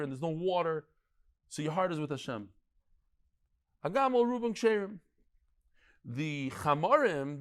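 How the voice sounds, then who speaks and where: A man teaching a class with a slightly raised pitch. He tells one anecdote after another with animated energy, doubling back and repeating words as he goes. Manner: frequent restarts and stammered repeats. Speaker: rabbi teaching a daily Talmud class. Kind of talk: lively storytelling lecture to a live class.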